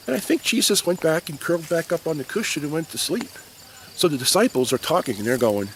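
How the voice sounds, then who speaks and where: Man, Sunday school teacher, animated storytelling, crickets outside. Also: on the high side, fast, slight background noise. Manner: animated, playful storyteller addressing kids. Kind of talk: children's Bible lesson. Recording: faint crickets outdoors.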